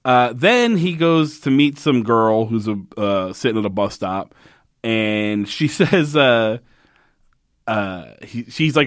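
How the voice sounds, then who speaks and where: A man co-hosting a podcast, recapping a show in loose, profane casual chat and acting out the characters' lines in quick voices. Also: on the low side, expressive, no room sound, clean studio sound. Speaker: podcast co-host.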